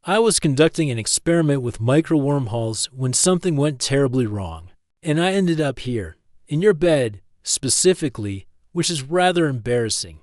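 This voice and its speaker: A man's voice: medium pitch, lively intonation, moderate pace, a little mellow, no room sound, clean studio sound, natural voice. A man voicing a cheerful, brainy young woman physicist from the future, who talks in a chatty, polite and apologetic way.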